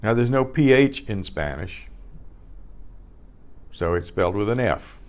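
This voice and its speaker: Male teacher, slow, lowish voice, patient drilling of vocabulary for beginners. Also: expressive. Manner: slow, repeats each word many times; clears throat often. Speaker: Spanish teacher. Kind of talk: beginner language lesson.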